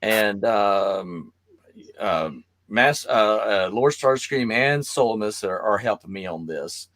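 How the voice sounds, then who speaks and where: A man hosting a casual video-call chat who rambles, laughs often and talks in an animated way. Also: fairly low pitch, takes it slowly. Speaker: host.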